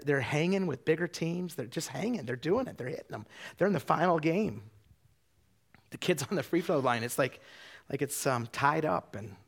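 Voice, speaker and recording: Gravelly-voiced pastor telling a sermon story. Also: male voice, medium pitch. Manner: conversational, many restarts, drops to hushed quotes.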